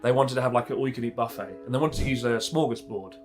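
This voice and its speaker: A chatty young man at middle pitch, hosting a relaxed conversation and laughing easily between points. He swears casually, and faint guitar music plays behind him. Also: very fast. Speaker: channel host. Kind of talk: casual chat.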